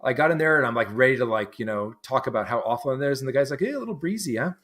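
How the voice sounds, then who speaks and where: A man from New England, a guest in a casual conversation, who talks haltingly with many restarts and fillers. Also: medium pitch, a bit bright. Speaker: interview guest.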